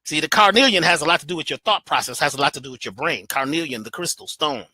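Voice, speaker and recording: A man giving an animated motivational talk as a guest, preachy and emphatic in a colloquial way, playing with his voice. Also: a little high, fast, slightly rough, no room sound. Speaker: guest speaker.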